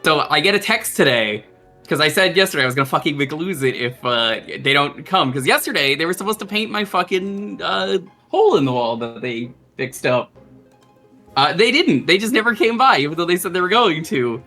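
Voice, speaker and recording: A man from Long Island hosting a game stream who talks casually and breaks into profane, excitable rants. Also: fairly high pitch, moderate pace, soft background music. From Long Island, New York. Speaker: streamer host.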